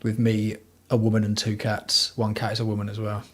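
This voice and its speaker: A man's voice: lowish voice, completely flat delivery, fairly quick, fairly bright tone. A man hosting a casual livestream from home, talking bluntly and rambling with plenty of swearing. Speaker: livestream host.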